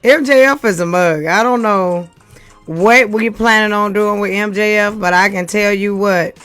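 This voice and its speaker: A woman's voice: mid-range voice, moderate pace, a bit bright, clear, resonant tone, soft background music. A woman from Missouri co-hosting a podcast, chatting casually about wrestling with blunt, teasing opinions. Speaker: podcast co-host.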